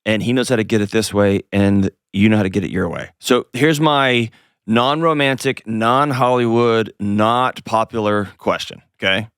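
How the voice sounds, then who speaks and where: A man's voice: fairly low pitch, steady tone, moderate pace, a bit bright, clear, resonant tone, no echo, clean studio sound. A man hosting an advice call-in show, talking in a direct, coaching way with playful asides. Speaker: host.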